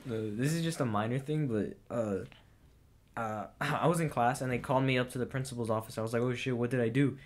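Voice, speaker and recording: A man's voice: medium pitch, fairly quick. A young man co-hosting a casual podcast, telling a story with many hesitations and fillers. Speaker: podcast co-host. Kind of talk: casual chat.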